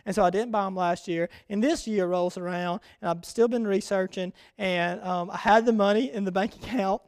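A young man preaches in a high, smooth and clear voice, recorded close and dry. He talks like he is chatting with the congregation, animated and full of restarts. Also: normal speed, no echo. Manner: conversational, animated storytelling with frequent restarts. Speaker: pastor. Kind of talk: sermon.

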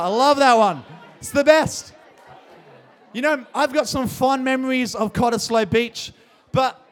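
A young Australian man, a youth pastor, hosting a youth service in a big hall, hyped and jokey, often shouting out to the crowd. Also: very high voice. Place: large hall with live audience.

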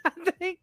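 Podcast co-host, male, unhurried and giggly, dry close mic. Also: no room sound. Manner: giggly, loose and rambling. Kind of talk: casual chat.

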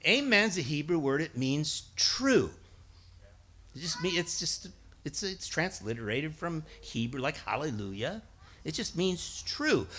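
A man's voice: a little high, very animated, measured pace, pushed and bright. A middle-aged man giving a sermon, telling stories and acting out voices, building to emphatic peaks. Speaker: guest preacher and schoolteacher.

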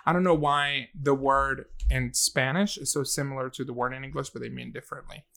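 A man's voice: medium pitch, fairly even intonation, a little fast, vocal fry, bright, forceful tone, no room sound. A man co-hosting a casual chat, playful and joking, who drops easily into Spanish phrases. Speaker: podcast co-host.

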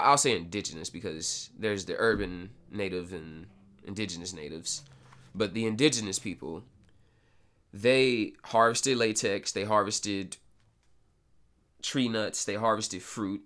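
A man's voice: lowish voice, a little slow, fairly bright tone. A man hosting a podcast, explaining history in a loose, casual way with sarcastic asides and frequent self-corrections. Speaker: podcast host. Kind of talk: casual educational podcast talk.

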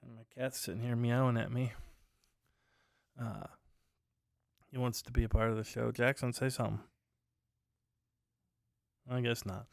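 A man's voice: medium pitch, fairly even intonation, measured pace, creaky, pauses often, no echo, studio quality. A man hosting his own podcast, chatting casually and rambling through stories with lots of fillers, at home at night. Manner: rambling storytelling with many fillers. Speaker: podcast host. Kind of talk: casual solo chat.

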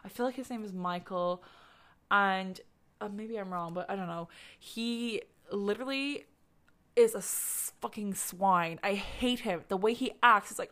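On her true-crime podcast, a young woman tells stories casually, rambling, cursing and leaning on fillers. Her medium-pitched voice is a bit bright and runs at a normal speed.

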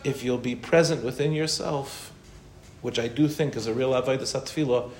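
Rabbi in a roomy, echoey hall. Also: male voice, medium pitch, steady tone, a little fast, darkish tone. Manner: conversational, with Hebrew and Yiddish terms. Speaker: rabbi answering questions. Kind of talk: informal Torah class. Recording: roomy echo with faint noise.

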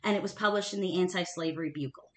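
A woman's voice: fairly low pitch, rapid-fire, echoey room. A woman co-hosting a casual history podcast, talking emphatically and laughing often. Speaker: podcast co-host.

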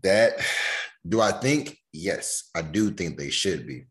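A man co-hosting a podcast, telling stories in relaxed casual chat and retelling what friends said. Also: low voice, slow. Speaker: podcast co-host.

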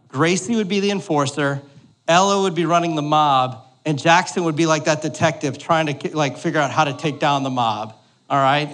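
A man in his thirties preaches a sermon in a church hall, his voice sitting a little high for a man. He talks in a relaxed, joking way and keeps checking in with the room. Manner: joking, conversational, keeps asking "all right?". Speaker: pastor.

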